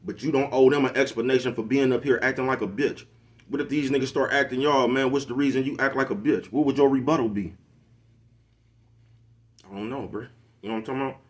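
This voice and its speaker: A man's voice: medium pitch, fairly even intonation, fast. A middle-aged man, giving a preachy casual monologue to camera and constantly asking if you know what he's talking about. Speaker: social media commentator.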